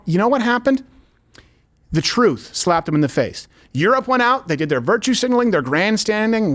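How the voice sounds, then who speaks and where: A man hosting a political commentary show, sarcastic, forceful and opinionated. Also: high voice, very animated, normal speed. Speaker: host.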